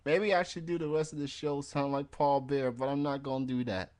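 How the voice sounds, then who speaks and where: A man's voice: mid-range voice, steady tone, brisk, a little mellow, clear, resonant tone. A man hosting a wrestling radio show in casual chat, rambling and laughing at his own jokes.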